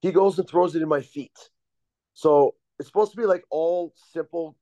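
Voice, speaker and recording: A man who is a guest on a podcast, telling casual stories in a relaxed, rambling way with many fillers over a video call. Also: on the high side, normal speed, dry recording. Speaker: guest, former pro hockey defenseman. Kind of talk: casual storytelling. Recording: dull dry lo-fi recording.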